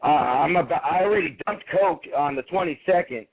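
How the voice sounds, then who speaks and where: A man's voice: a little high, a little fast. Indignant male caller on a phone line. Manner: indignant, rambling. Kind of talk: call-in radio talk. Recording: tinny phone line on radio.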